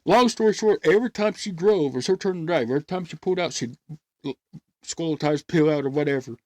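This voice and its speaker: A man's voice: on the high side, fast, no echo. A man telling stories in casual chat, acting out voices and laughing often. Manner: animated storyteller, acts out voices, laughs often. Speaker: podcast host.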